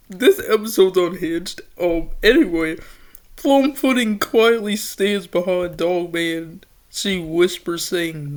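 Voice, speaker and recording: A woman who hosts a show, reading a fan story aloud and breaking off into laughing, excitable asides. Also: fairly low pitch, takes it slowly. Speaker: host.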